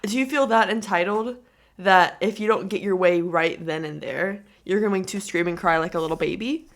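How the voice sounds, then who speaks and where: A woman's voice: medium pitch, moderate pace. A young woman in her twenties giving reaction commentary in a mocking, giggly, incredulous way. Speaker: commentary vlogger.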